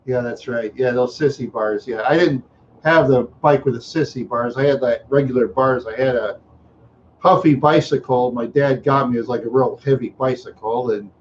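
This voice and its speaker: A middle-aged man from Minneapolis tells meandering childhood stories, chuckling often and throwing in sound effects. His pitch sits in the middle for a man. The recording is dull and lo-fi, with a faint hiss behind it. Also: normal speed. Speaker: live streamer. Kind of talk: rambling storytelling.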